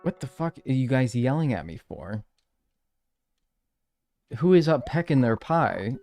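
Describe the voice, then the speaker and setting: A man's voice: medium pitch, sing-song, measured pace, vocal fry, dark tone, soft background music. A man chatting casually with his live-stream audience, playful and mock-outraged, swearing as he jokes.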